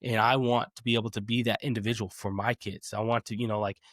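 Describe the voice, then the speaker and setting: A man around thirty hosting a podcast, talking in a relaxed, chatty way with frequent fillers, restarts and laughter. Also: fairly low pitch, fast talker, dry recording, clean studio sound. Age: 30s. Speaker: podcast host. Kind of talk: casual podcast conversation.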